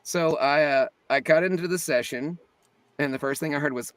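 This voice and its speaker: A man, a voice actor and impressionist, telling stories as an interview guest, animated and jumping into voices mid-story. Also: a little high, moderate pace, no room sound.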